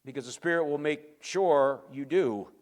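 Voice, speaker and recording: A male pastor giving an emphatic sermon, swinging between quiet and loud and answering his own rhetorical questions. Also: fairly high pitch, moderate pace, long reverb tail.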